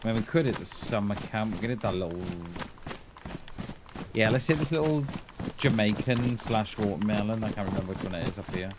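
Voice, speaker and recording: A man's voice: on the low side, a little fast. A man chatting and joking while streaming a survival game. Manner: chatty, jokey, laughs often. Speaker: gaming streamer. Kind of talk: live gameplay commentary. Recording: noisy game audio behind.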